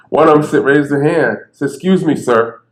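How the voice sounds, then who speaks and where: A man who stutters, telling stories on stage in a lively, conversational way and acting out the people he quotes. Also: on the high side, normal speed. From Bridgeport, Connecticut. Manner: animated, conversational, acts out quotes. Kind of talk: storytelling talk. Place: theater stage. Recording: echoey theater.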